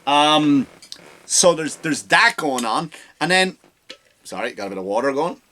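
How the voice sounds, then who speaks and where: A man's voice: fairly high pitch, sing-song, measured pace, pushed and bright, slight background noise. A man hosting a comedy podcast, delivering a sarcastic, profane rant. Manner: mocking, exaggerated.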